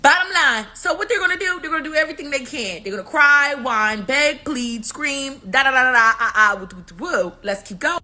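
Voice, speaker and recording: A middle-aged woman hosting a casual live stream, talking in an animated, profane, slangy way. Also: high voice, brisk, few pauses. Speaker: livestream host.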